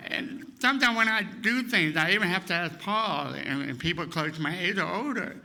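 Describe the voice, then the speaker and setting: Older guy in his 60s, sermon told as funny life stories, kinda high voice, really punchy and bright. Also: a little fast, vocal fry, hardly any pauses. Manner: lively storyteller who acts out the people he quotes. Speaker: guest speaker. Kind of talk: humorous personal storytelling sermon.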